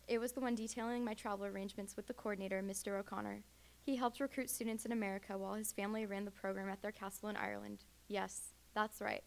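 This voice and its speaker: A woman's voice: mid-range voice, gravelly. A young adult woman reading her first-person story aloud at a graduate student reading.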